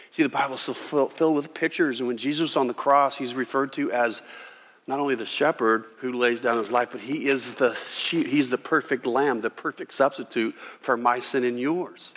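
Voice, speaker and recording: A man preaching a sermon as a pastor, animated, voicing Jesus and God in quoted lines. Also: medium pitch, moderate pace. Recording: reverberant hall.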